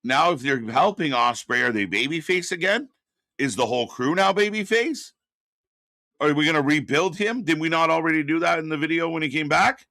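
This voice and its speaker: A man hosting a live wrestling watch-party stream, ranting with exasperation and profanity, then answering chat messages more calmly. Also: on the high side, moderate pace, gravelly, dry recording, clean studio sound. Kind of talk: live reaction commentary, reading chat.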